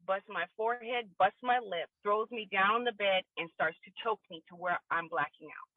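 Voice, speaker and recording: A woman's voice: medium pitch, dry recording. A woman guest on a podcast interview, giving candid, emotional personal testimony. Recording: tinny phone line, dry.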